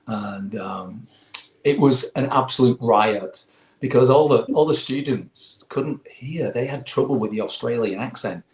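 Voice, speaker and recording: An English man in his forties tells a rambling, animated story as a guest in an interview. His voice sits at an ordinary middle pitch. The room around him is echoey. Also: measured pace. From England. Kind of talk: casual chat.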